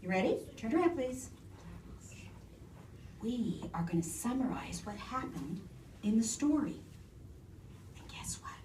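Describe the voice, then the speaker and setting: A woman teacher reading a story aloud and leading her class, slow and expressive, hushing the children. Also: on the high side, distant mic, slight background noise. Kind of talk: classroom lesson and read-aloud. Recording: echoey classroom heard from afar.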